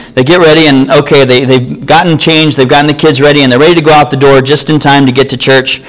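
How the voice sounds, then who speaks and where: A man's voice: mid-range voice, a bit bright, low-quality recording. A man preaching a sermon, telling an everyday story in an earnest, conversational way.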